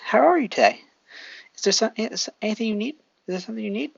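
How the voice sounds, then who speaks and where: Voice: medium pitch, lively intonation, fast, vocal fry, breathy edge, dry recording, highs cut off, pitched above the performer's own voice. A storyteller voicing a kind middle-aged mother who fusses over her daughter's friend. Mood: caring.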